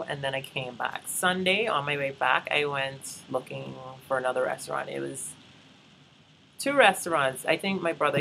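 With vocal fry and a fairly bright tone, a mid-range voice belongs to a young adult from the Bahamas rambling through a travel vlog story. The vlogger chats directly to "y'all" and strays into asides. A little hiss or hum colors the low-quality recording.

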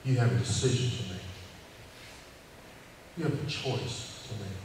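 A man's voice: lowish voice, a little slow, background noise. A man preaching an informal sermon at a cowboy church, folksy and conversational, repeating phrases for emphasis. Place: church hall. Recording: echoey hall, distant mic, faint ambience.

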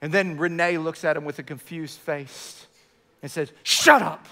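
A man preaching a sermon to his church, animated, often restarting his words. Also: on the high side, moderate pace. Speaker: pastor.

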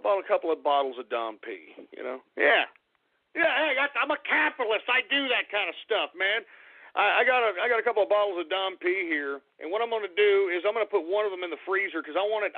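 A man hosting a talk radio show, brash and boastful, whooping and shouting with excitement. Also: high voice. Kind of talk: boisterous talk radio monologue. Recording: tinny phone-like radio audio.

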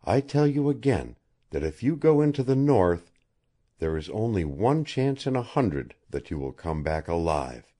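A grim, sardonic French guide with a French accent, as a male audiobook reader puts him on. He delivers dark warnings slowly, and his voice sits higher than the reader's own. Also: sing-song. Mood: solemn. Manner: grim, sarcastic, solemn warnings.

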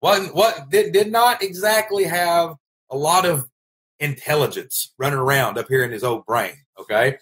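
A slightly high, fairly bright voice at a moderate pace belongs to a Kentucky-accented vlog host. He's an online business coach from Kentucky, United States, and his casual delivery is folksy and emphatic, full of repeated phrases.

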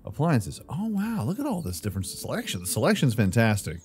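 Medium-pitched yet swinging wildly in pitch, this man's darkish voice moves fairly quickly over faint background music. Hosting a gaming channel, he plays a house-building game and names what he builds. His let's-play commentary is casual and playful, full of self-talk and quips like "brother."

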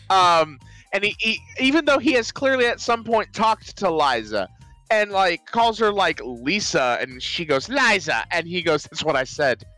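A podcast co-host casually reviewing a movie, acting out scenes with loud, playful screams. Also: medium pitch, dry recording.

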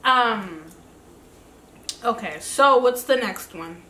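A young woman hosting a casual reaction chat, relaxed and slangy with a drawl. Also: a little high, takes it slowly, reverberant, a little hiss or hum. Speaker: co-host.

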